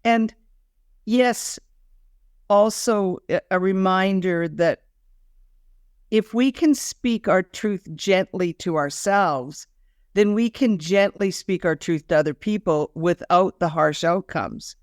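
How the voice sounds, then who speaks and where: A woman co-hosting a spiritual wellness podcast in unscripted chat, animated and often restarting her sentences. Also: medium pitch, slow, clear, resonant tone, dry recording, clean studio sound. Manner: animated, frequent self-restarts. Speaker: podcast co-host.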